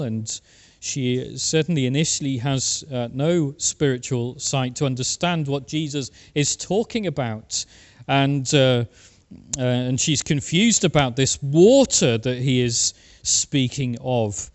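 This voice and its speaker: A man preaching a sermon, talking to the congregation with rhetorical questions and frequent filler pauses. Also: mid-range voice. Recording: long hall reverb.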